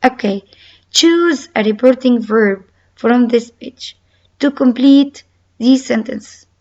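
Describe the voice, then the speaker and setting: A woman teaching a recorded lesson with a slow, deliberate delivery, repeating key words and reading example sentences aloud. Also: a little high, a little mellow, highs cut off. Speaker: English teacher. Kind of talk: recorded online English lesson.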